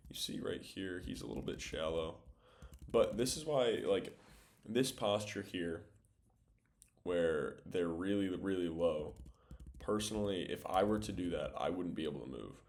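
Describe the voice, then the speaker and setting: A young man talks through game footage in an easygoing, rambling way, his voice deep and gravelly with frequent fry. Mouse clicks and typing tap away behind him at the desk. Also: unhurried, a little hiss or hum. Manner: relaxed, thinking aloud with many fillers. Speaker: volleyball film analyst. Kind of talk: casual video breakdown commentary.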